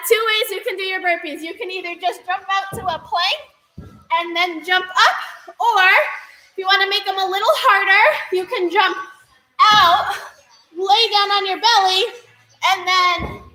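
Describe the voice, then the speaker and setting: A woman's voice: very high voice, a little slow, pushed and bright. A young woman coaching an online gymnastics class, upbeat and cheering, laughing often and out of breath from the workout. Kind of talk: online fitness class instruction. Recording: echoey room with music behind.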